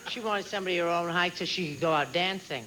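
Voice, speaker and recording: Man, game show panelist, high bright voice, quick wisecracks. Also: a little hiss or hum. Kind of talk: joking banter on a game show.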